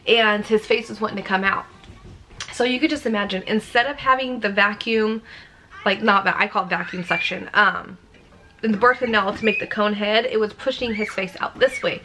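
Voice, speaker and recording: A young woman tells a personal story straight to her viewers, lively and animated, slipping into the voices of the people she quotes. Her voice is bright and forward. A faint hum of room noise sits behind her. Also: medium pitch. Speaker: vlogger. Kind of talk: casual storytelling.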